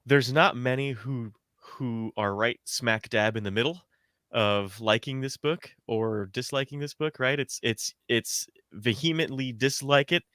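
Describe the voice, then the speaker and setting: A man's voice: medium pitch, measured pace, fairly bright tone, smooth, dry recording, studio quality. A man co-hosting a podcast in casual, joking banter over a video call. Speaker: podcast co-host.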